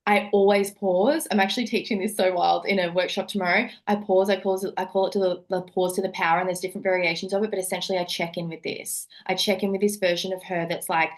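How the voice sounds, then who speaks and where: A woman's voice: on the low side, steady tone, fast, hardly any pauses. A woman neuropsychologist and coach, a podcast guest, speaking earnestly and repeating phrases for emphasis. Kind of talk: podcast conversation.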